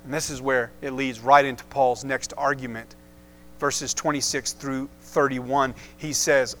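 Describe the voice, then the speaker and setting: A man preaching a sermon, emphatic and measured, with dramatic pauses between words. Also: medium pitch, fairly even intonation, fairly bright tone. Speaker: pastor.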